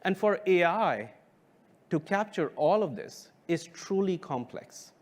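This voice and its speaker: Lively, higher-pitched man giving a keynote. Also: slow. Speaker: company founder giving a keynote. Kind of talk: keynote presentation.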